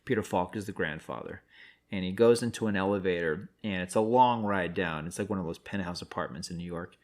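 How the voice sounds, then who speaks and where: A man's voice: low voice, fairly quick, darkish tone. A man co-hosting a podcast in casual chat, playfully making up comic alternative endings and acting out short quotes. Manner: playful, spins comic what-if scenarios with acted quotes. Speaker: podcast co-host.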